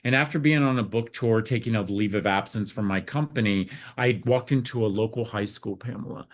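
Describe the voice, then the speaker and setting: A man's voice: lowish voice, a little fast, slight background noise. Earnest American man telling a heartfelt story. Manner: earnest, heartfelt, acts out dialogue in his story. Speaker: guest, foster care advocate. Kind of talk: emotional storytelling interview.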